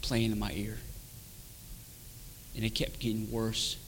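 A man giving an emotional personal testimony, repeating phrases and moving from hushed to loud. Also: on the low side, monotone, measured pace, a little hiss or hum. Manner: emotional, repetitive storytelling that swells from hushed to loud.

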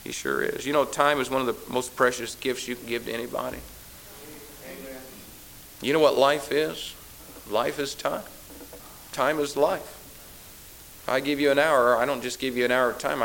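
A man's voice: mid-range voice, fairly even intonation, normal speed, creaky, long pauses, a bit bright, low-quality recording. Emphatic, sarcastic preacher man. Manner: emphatic, teasing sarcasm, repeats phrases for effect. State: tired. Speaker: pastor. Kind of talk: sermon.

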